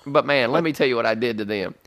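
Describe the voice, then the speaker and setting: A man chatting casually, telling an animated story with loud bursts of emphasis. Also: mid-range voice, quick pace. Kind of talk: casual chat.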